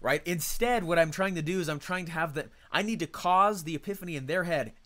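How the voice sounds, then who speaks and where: A man's voice: on the high side, a little fast, sharp tone. A man leading a live online coaching call, talking energetically and conversationally and reacting to chat comments.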